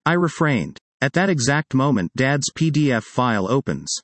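A man narrates a personal essay with wry, expressive timing. His mid-pitched voice moves through a wide, lively range. The sound is dry and close, with no room around it. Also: normal speed, dry recording. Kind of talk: reading a personal essay aloud.

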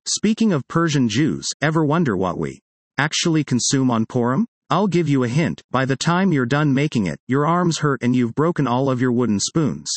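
A man's voice: medium pitch, big pitch swings, normal speed, dry recording. A man reading a magazine article aloud in a plain read-aloud delivery. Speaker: reader.

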